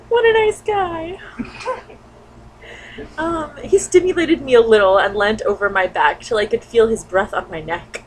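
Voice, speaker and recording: A woman's voice: high-pitched, slight background noise, poor audio. A woman reading bad fan fiction aloud for laughs, often breaking into giggles and exasperated asides. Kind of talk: comedic dramatic reading with commentary.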